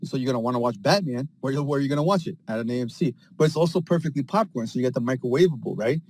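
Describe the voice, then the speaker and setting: A man in casual group chat on an audio call, rambling excitedly with lots of slang and acting out scenes. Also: medium pitch, very fast, no echo. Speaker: space call participant.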